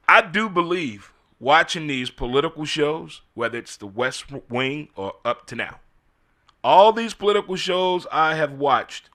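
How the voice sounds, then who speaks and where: A man's voice: fairly high pitch, animated, measured pace, sharp tone. A middle-aged man hosting a casual solo commentary, full of incredulous rhetorical questions. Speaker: host.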